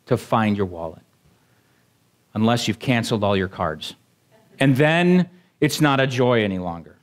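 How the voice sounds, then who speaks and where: A man preaching a sermon to a congregation. He makes joking asides to them and builds up to excited exclamations. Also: medium pitch. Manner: animated, rising to exclamations. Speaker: pastor.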